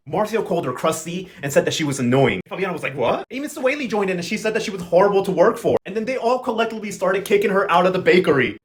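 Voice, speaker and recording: Guy doing a sassy soap recap, talks quick, kinda high, tons of slang. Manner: sassy, slangy, playful quoting of characters. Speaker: novela recap host. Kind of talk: casual recap commentary.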